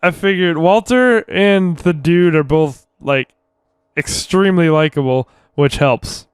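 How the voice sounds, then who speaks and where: A man's voice: on the high side, unhurried, clean tone, no echo, studio quality. A man co-hosting a podcast in casual chat, swearing freely and laughing a lot. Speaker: podcast co-host.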